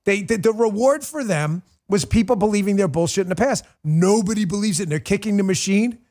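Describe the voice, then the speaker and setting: A middle-aged man hosting a political talk show, ranting in a mocking, animated way and slipping into sarcastic impressions. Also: sits high, fairly quick. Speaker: show host.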